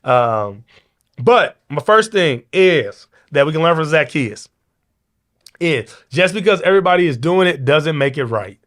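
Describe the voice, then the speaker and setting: A man's voice: a little high, lively intonation, a little slow, fairly bright tone. A male podcast host giving a motivational leadership talk drawn from Bible stories, in an informal, preacher-like way, often checking in with "okay?". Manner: conversational, informal preaching with repeated restarts and "okay?" check-ins.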